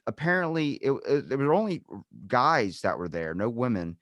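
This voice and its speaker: A man's voice: mid-range voice, big pitch swings, normal speed, fairly bright tone, no echo, clean studio sound. A young man telling laid-back, profane stories as a podcast guest. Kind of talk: casual chat.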